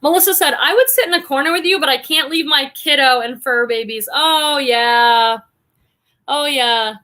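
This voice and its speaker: A woman's voice: high voice, brisk, bright, forceful tone. A woman in her forties hosting a reselling livestream, chatting casually and reading viewer comments aloud with effusive enthusiasm. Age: 40s.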